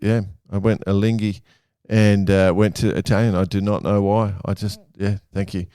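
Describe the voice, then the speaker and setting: Laid-back man, smooth voice. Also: on the low side, little pitch movement, warm tone, dry recording. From Australia. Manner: easygoing, chatty, quick to laugh at himself. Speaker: podcast co-host. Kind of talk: casual chat.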